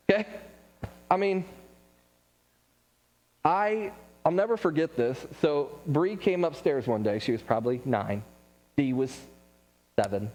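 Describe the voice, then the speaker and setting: A man giving a casual church class talk, telling stories with quick asides and laughs. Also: a little high, animated, a little mellow, faint music behind. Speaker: Bible class teacher. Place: church room. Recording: long hall reverb.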